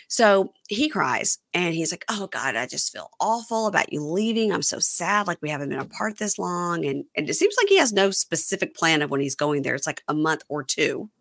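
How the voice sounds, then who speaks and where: A woman's voice: deep voice, creaky, a bit bright. A woman hosting a casual chat, recapping a reality show and acting out the cast's lines in quoted voices. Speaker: podcast host.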